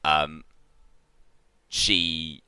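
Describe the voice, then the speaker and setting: A man's voice: very deep voice, level tone, extremely slow, sharp tone, smooth, no room sound, studio quality. A man narrating as game master of a tabletop role-playing game, in loose descriptive narration with many fillers.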